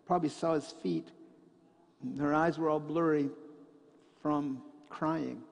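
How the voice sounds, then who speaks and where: A man preaching a sermon in a church sanctuary, his gravelly voice sitting slightly high. He takes his time, moving between loud, emphatic passages and quiet, hushed storytelling. A long reverb from the hall trails after his words. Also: steady tone, slow pace. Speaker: pastor.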